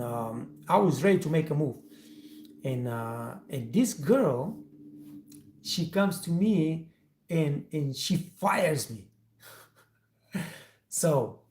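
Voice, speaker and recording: A man with a mellow, dark voice tells a motivational story to his viewers. He is emphatic and addresses them directly, and his English has non-native phrasing. His voice sits in a roomy, echoey space. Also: on the high side, lively intonation, takes it slowly, pauses often. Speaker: host, restaurant trainer.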